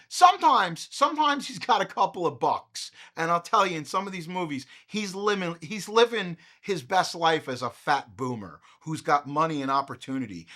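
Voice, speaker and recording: Bright, animated, profane male film host. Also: on the high side. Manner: profane, ranting, frequently raising his voice. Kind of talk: comedic movie rant.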